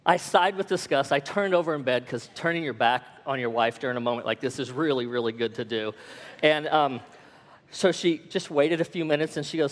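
A man's voice: mid-range voice, normal speed, long reverb tail. A man telling a humorous personal story to an audience, self-deprecating with comic timing.

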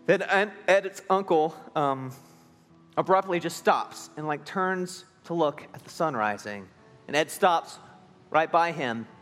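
A pastor delivering a sermon in a fairly high voice, earnest and emphatic at times, quiet at others. The sound carries a long hall reverb. Soft instrumental music sits underneath. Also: male voice, lively intonation, slow.

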